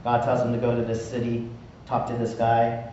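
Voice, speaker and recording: A man's voice: medium pitch, monotone, normal speed, warm tone, a little hiss or hum. A man preaching a conversational sermon, often checking in with "right?". He is recorded from far off in an echoey church hall with dull sound. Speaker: pastor.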